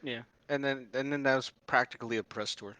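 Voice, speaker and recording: A man's voice: medium pitch, fairly even intonation, a little fast, pushed and bright, dry recording. A tipsy American man in casual podcast chat, joking crudely and retelling stories. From United States. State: tipsy from drinking. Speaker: podcast co-host.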